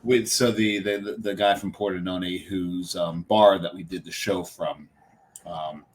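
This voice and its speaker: Low-ish voiced American male co-host, chatty and animated, quick to laugh. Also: a little hiss or hum, poor audio. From United States. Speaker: podcast co-host. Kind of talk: casual podcast chat.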